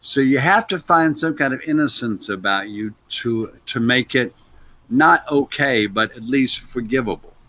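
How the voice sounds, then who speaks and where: Bright-voiced man spinning anecdotes. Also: mid-range voice, normal speed, no room sound. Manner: animated, loose, trails off with "blah, blah". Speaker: actor and interview guest. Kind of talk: anecdotal interview storytelling.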